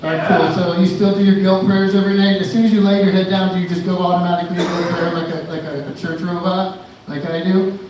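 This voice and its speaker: A man's voice: sits high, flat delivery, fast talker, few pauses, a little mellow, slight background noise. A man doing a live stand-up set at a bar, rambling and loose with many fillers and restarts. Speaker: stand-up comedian. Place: indoor bar venue. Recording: echoey room, mic at a distance.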